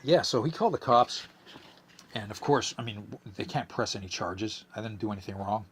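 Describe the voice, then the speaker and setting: A man's voice: fairly low pitch, animated, brisk, noisy background. A young man hosting a podcast, telling a story in a rambling, profane way, a bit drunk and slurring. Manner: rambling, profane, with many fillers and restarts. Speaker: podcast host. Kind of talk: casual storytelling monologue.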